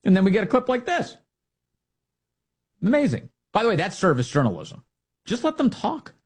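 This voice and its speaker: A man's voice: sits high, huge pitch swings, moderate pace, breathy edge. A male talk show host giving a sarcastic, combative opinion monologue with mocking asides.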